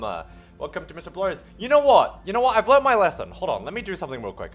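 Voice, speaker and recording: An Australian man streaming, chatting casually with his viewers in an animated, playful way and swearing often. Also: high voice, fast talker, soft background music. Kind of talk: casual livestream chat with viewers.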